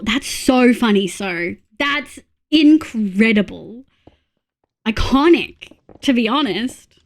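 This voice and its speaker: Brief: Australian woman, streamer, chatty and sweary, voice a touch high. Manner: chatty, swears freely, giggly. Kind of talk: casual live-stream chat.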